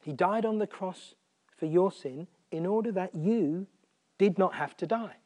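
A man preaching a sermon, earnest, repeating phrases for emphasis and dropping almost to a whisper on quiet points. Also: sits high, unhurried.

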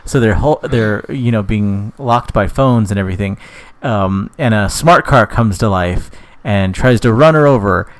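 A man's voice: fairly low pitch, moderate pace. A young man co-hosting a podcast, telling a rambling, jokey story in casual chat and laughing often. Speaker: podcast co-host.

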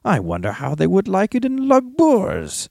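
A scheming orc messenger sneers in a pinched, high register, as a man reading the book aloud puts him on. He mocks with bite and rises in pitch as he taunts. The sound is close and dry. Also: wildly swooping pitch, normal speed, vocal fry, darkish tone, no room sound, exaggerated voice. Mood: sneering.

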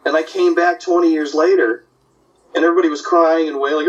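An older man tells lively stories and slips into voices for the people in them. His voice sits a little high. It sounds off-mic and muffled. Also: brisk, far from the mic. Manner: animated, puts on voices in anecdotes. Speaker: comic artist guest. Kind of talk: casual storytelling.

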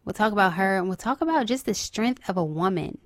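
A woman with a medium-pitched voice and lively intonation hosts her own podcast, talking a little fast in a clean studio recording with no echo. Chatting casually on her own, she's emotional and earnest and repeats phrases for emphasis.

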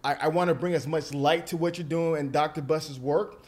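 Young male podcast host, eager and emphatic, a touch high-voiced. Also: brisk. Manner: animated, emphatic, repeats words when excited. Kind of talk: casual podcast conversation.

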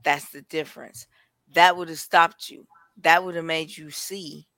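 A woman's voice: sits low, steady tone, measured pace, sharp tone, dry recording. A woman talking bluntly and candidly in a casual chat, swearing freely and repeating herself for emphasis.

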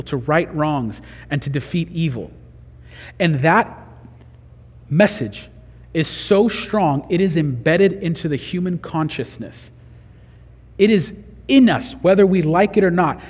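A man delivers a sermon in an earnest, conversational way, building to emphatic moments. His voice sits a little high and has a husky edge. The sound carries a long reverb, as from a large hall. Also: a little mellow. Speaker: pastor.

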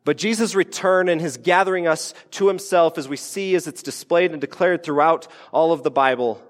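A man preaching a sermon as a pastor in a casual, conversational way, with playful asides and acted-out quotes. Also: fairly high pitch. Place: church sanctuary. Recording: church hall with long reverb.

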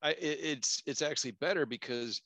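A man's voice: fairly high pitch, a little fast. A man co-hosting a casual podcast on a small headset mic, talkative and opinionated, often jumping in. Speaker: podcast co-host, street artist.

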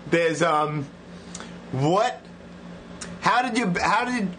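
Bright-voiced, swearing interview host. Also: male voice, high voice, expressive, drawn-out words, a little hiss or hum. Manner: laughing, profane, loose. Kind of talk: casual interview chat.

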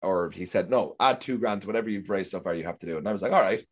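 Irish guy, lowish voice, rambly storyteller doing little voices for people. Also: very fast. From Ireland. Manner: chatty, rambling storyteller who acts out quotes. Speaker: guest actor. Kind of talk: casual chat.

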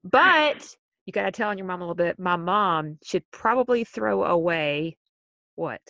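A woman hosting an interview, reacting with enthusiasm and asking quick questions. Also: on the low side, expressive, creaky, sharp tone, no echo. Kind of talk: upbeat interview.

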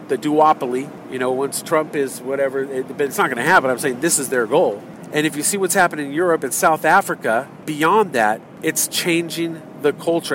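A man's voice: on the high side, a bit bright. A man in his car in traffic, ranting in a heated, rambling way with many fillers and restarts. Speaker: vlogger. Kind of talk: ranting political monologue.

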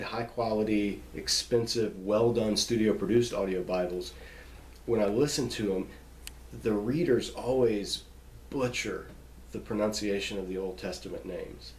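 A man with a somewhat low voice teaches in an easygoing, conversational way, often restarting a phrase as he works out how to explain it. The sound is roomy, with a clear echo around him. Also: a little mellow, a little hiss or hum. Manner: explanatory, repeats and restarts while thinking aloud. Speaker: Bible teacher. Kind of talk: casual teaching monologue.

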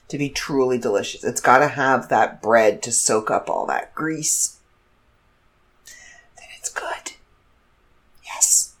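A middle-aged woman telling a story in casual chat, animated and laughing as she acts out the other people. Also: low voice. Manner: animated, laughs through her story, quotes others in shifting voices. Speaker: vlogger.

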